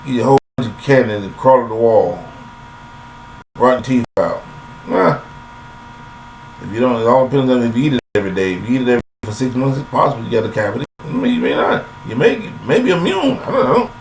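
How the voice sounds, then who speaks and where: A man's voice: medium pitch, animated, brisk, slight background noise, poor audio. An older man delivering a rambling, folksy philosophical monologue to listeners, recorded on a laptop webcam. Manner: folksy and preachy, addresses listeners directly. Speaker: vlogger.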